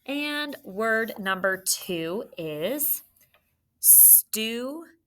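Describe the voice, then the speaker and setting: Lady teacher doing a kids spelling lesson, slow and patient, crisp bright voice, lowish pitch. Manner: patient, clear, enunciates words slowly.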